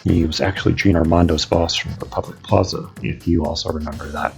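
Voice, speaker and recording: A man playing a calm, matter-of-fact guide figure in an audio drama, explaining things plainly. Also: sits low, fairly quick, creaky, soft background music. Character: Micah, a composed male guide figure.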